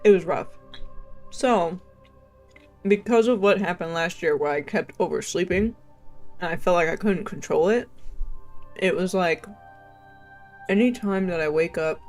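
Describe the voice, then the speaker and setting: A woman's voice: lowish voice, a little mellow. Rambling, chatty young woman streamer. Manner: rambling, chatty, heavy use of "like" and "um"; laughs often between sentences. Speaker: livestreamer. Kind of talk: casual livestream chat. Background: faint game music.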